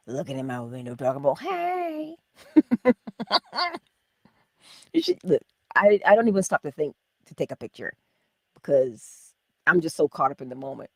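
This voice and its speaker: A woman hosting a morning inspiration livestream, chatting casually and warmly about spiritual ideas. She laughs often and drops into whispers to stress her points. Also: low-pitched, huge pitch swings, measured pace, pauses often, dry recording, clean studio sound. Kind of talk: casual spiritual pep talk.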